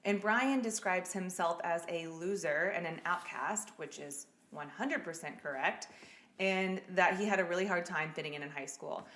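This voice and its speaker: A woman's voice: on the low side, normal speed, a bit bright. A woman hosting a podcast, telling a true-crime case in a casual, blunt way and swearing freely. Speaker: podcast host. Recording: echoey room.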